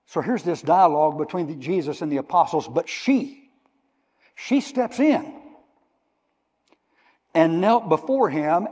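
A man's voice: fairly high pitch, darkish tone, slightly rough. An older man preaching a sermon in a church, emphatically explaining Greek words. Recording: long reverb of a hall.

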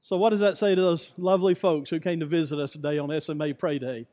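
A man's voice: a little high, fairly even intonation, fast talker, dark tone. Guy preaching a sermon, keeps repeating his point, lots of questions to the crowd, echoey church. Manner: repetitive, emphatic preaching with rhetorical questions. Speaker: pastor. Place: church sanctuary. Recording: church hall with long reverb.

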